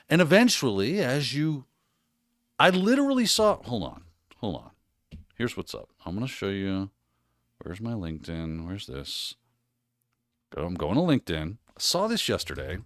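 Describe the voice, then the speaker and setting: A man hosting a casual livestream, giving energetic, encouraging advice with frequent restarts and tag questions. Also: mid-range voice, dry recording, clean studio sound. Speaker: host.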